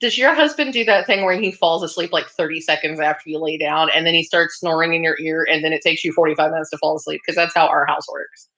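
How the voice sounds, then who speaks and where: A woman's voice: low voice, fairly even intonation, fast, hardly any pauses, bright, forceful tone. A woman hosting a casual craft livestream, reading viewer comments aloud and chatting back with lots of ums and laughs. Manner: chatty, reads out viewer comments and answers them; frequent laughs and filler ums. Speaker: livestream host. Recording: slightly dull lo-fi sound.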